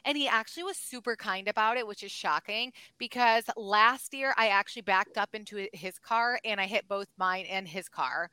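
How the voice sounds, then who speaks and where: Bright, crisp-voiced chatty woman. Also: mid-range voice, moderate pace, hardly any pauses, no room sound, rough recording. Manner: animated storyteller, lots of "like" and "oh my gosh". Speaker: podcast co-host. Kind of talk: casual chat.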